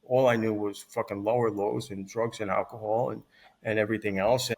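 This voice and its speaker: A man's voice: on the low side, fairly even intonation, brisk, gravelly, husky, poor audio. A man in his thirties telling his recovery story as a podcast guest, blunt and profane, rambling with restarts. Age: 30s.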